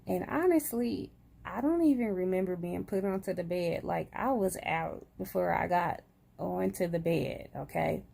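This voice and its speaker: A woman's voice: on the low side, normal speed, creaky, mellow, breathy edge. A woman chatting casually to camera, groggy after surgery, sprinkling "y'all" through her talk. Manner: chatty, says "y'all" often. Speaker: vlogger.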